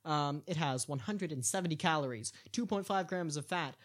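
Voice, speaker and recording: A man with a fairly bright, high-leaning voice hosts a casual podcast, joking around with quick asides and stumbling over foreign words.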